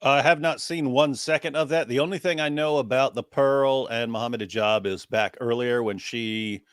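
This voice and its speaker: A man's voice: mid-range voice, normal speed, smooth, dry recording, clean studio sound. A man co-hosting a live reaction stream, talking casually and jokily with frequent restarts. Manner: casual, joking, lots of restarts. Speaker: co-host.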